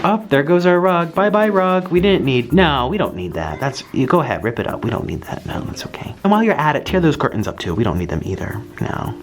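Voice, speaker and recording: A woman chatting casually on a vlog, gushing with excitement and cooing baby talk at a pet. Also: low-pitched, fast, hardly any pauses, soft background music. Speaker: vlogger.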